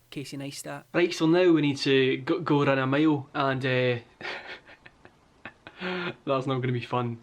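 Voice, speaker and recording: A young Scottish man narrating a comedic vlog in a joking, self-deprecating way, laughing often. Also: fairly high pitch. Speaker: YouTuber.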